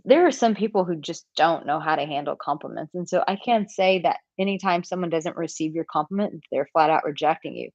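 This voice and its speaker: Woman coach doing a live q&a, lowish voice, candid and chatty, kinda dull dry sound. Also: dry recording. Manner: candid, chatty, with many fillers and acted-out example lines. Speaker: dating coach. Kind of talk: live Q&A answering viewer comments.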